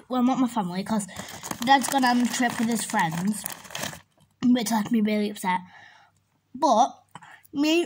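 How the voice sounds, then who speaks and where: A young woman, chatting excitedly and repeating herself as she taste-tests snacks at home for her vlog. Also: on the high side, slight background noise. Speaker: vlogger. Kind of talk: casual taste-test vlog.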